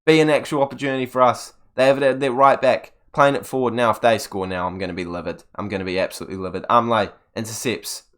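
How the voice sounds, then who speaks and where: A young man commentating on his own video game, exasperated and swinging between loud outbursts and low muttering. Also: steady tone, quick pace, hardly any pauses. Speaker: gaming video creator. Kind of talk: live gameplay commentary.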